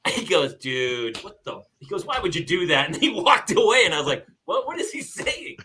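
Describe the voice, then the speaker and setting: A man's voice: on the high side, brisk. A man hosting a casual podcast, an actor telling funny stories with lots of laughter. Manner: animated storyteller, laughs often. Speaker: podcast host. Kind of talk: casual chat, storytelling.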